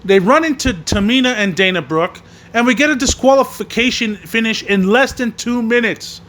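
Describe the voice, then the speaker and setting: High-voiced man on a profane wrestling rant. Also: moderate pace, a bit bright, a little hiss or hum. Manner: angry, swearing constantly. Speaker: podcast host reviewing wrestling. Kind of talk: profane rant recapping a show.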